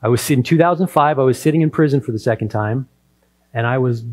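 A man preaching from the pulpit at an ordinary middle pitch. He tells the story in a lively way and acts out the characters' lines as he goes. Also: quick pace. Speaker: pastor. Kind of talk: sermon.

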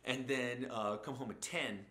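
Foul-mouthed guy ranting about mindset, tense bright voice, roomy echo all over. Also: mid-range voice. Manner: blunt, profane, heavy swearing, mocking asides. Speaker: host. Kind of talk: profane motivational rant.

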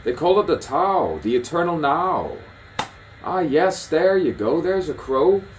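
A man's voice: on the high side, sing-song, measured pace, slight background noise. A man talking outdoors in a rambling stream-of-consciousness monologue, musing aloud and repeating his own phrases over and over. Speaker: poet and artist. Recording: distant mic with faint outdoor ambience.

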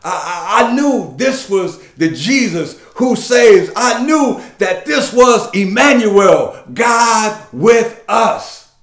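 A man preaching a dramatic first-person sermon monologue, impassioned, stammering and repeating words as he builds to shouted lines. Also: high voice, lively intonation, slow, hardly any pauses, echoey room. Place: church sanctuary.

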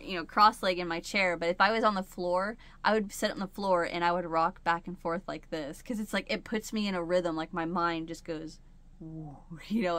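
A woman with a low-ish, bright and forceful voice hosts a crochet channel from a chair at home, recorded with no room sound. She rambles chattily about crochet in casual conversation and laughs often.

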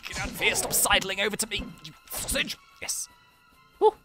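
A man giving excitable, chatty commentary while playing a video game, often laughing and exclaiming. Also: sits high, fairly quick, music in the background. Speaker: gaming video host. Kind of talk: casual let's-play commentary.

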